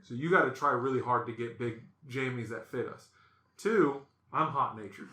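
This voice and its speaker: A man hosting a podcast, telling stories in a casual, animated way and acting out the voices in them. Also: mid-range voice, normal speed, roomy sound. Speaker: podcast host. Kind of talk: casual storytelling chat.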